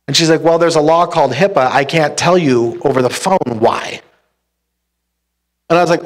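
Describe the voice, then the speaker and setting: A man's voice: on the high side, a little fast. A young man preaching a sermon as pastor, telling a personal story with comic acted-out dialogue and frequent laughs. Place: church hall with live congregation.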